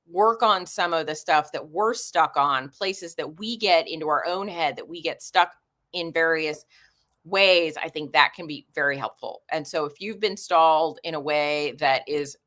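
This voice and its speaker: A woman's voice: low-pitched, a little slow, fairly bright tone. A woman in her forties hosting a casual livestream, chatting and reading viewer comments aloud. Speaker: livestream host.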